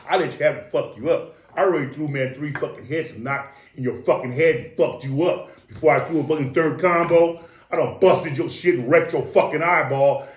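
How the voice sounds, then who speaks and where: A middle-aged man from East Los Angeles telling stories as an interview guest in a boastful, profane way, with his own sound effects. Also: on the high side. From East Los Angeles, USA. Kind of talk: casual storytelling. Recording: roomy echo.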